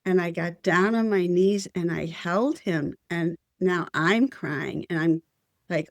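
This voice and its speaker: A woman's voice: lowish voice, fairly even intonation, measured pace, vocal fry, no room sound. An older woman telling a personal spiritual story as an interview guest, earnest and heartfelt.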